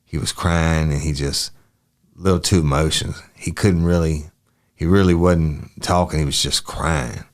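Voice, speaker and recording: A man's voice: rumbling low, fairly even intonation, a little slow. A man reading as a polite, scared young witness. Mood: plain. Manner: short answers, polite "yes, sir".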